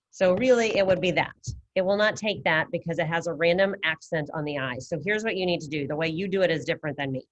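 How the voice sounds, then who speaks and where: Teacher, woman, lowish voice, casual step-by-step coaching over video call. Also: muffled recording. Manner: casual, encouraging, talks students through steps. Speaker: Spanish teacher. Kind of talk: online class instruction.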